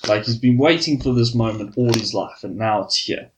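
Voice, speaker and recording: A man's voice: medium pitch, unhurried, a little hiss or hum, poor audio. A man on a podcast telling a long crude joke, swearing freely and padding it with fillers. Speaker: podcast host.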